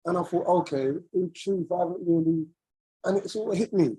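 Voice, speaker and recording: A man's voice: high-pitched, fairly quick, dark tone, husky, dry recording, poor audio. A man on a video call, sharing a personal story in an earnest, searching, rambling way. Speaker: webinar participant.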